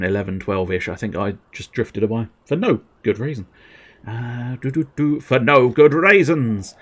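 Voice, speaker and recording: A man chatting casually while streaming a video game, rambling with giggly asides. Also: fairly low pitch. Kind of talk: casual gameplay livestream chat.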